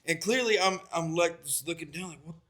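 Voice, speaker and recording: High, bright-voiced man telling a rambling story. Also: a little fast. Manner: rambling, profane, laughing as he tells it. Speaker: podcast co-host. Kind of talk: casual storytelling chat.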